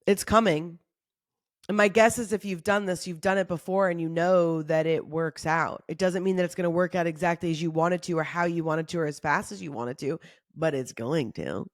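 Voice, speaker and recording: Animated woman giving a pep talk. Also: lowish voice, brisk, dry recording, clean studio sound. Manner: acts out her own inner questions in a side voice; casual, swears lightly. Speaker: intuitive reader. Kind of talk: channeled energy reading, direct address.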